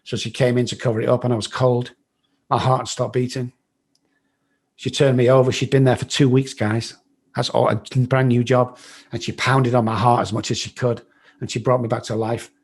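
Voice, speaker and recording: This middle-aged man from England speaks with an English accent in a mid-range voice with a breathy edge, keeping his pitch fairly flat and his pace normal. As an interview guest he recounts his life story bluntly, swearing freely and performing other people's lines.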